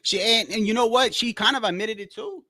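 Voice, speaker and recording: High-pitched guy on a livestream, slangy and rambly, dry close sound. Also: fairly quick, no room sound. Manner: slangy, rambling, keeps saying "bro"; animated storytelling, repeats himself. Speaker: livestream host. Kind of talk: casual livestream boxing chat.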